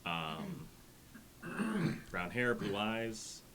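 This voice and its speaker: Dry, low-voiced male player. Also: huge pitch swings, extremely slow, a bit bright, slight background noise. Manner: dry, short replies. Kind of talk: tabletop game chat.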